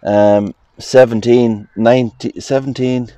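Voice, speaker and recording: A cemetery vlogger with an Irish accent strolls through an outdoor graveyard, slowly reading old headstone inscriptions aloud and musing on them in casual walking commentary. His medium-pitched man's voice is steady and dark in tone, with no echo.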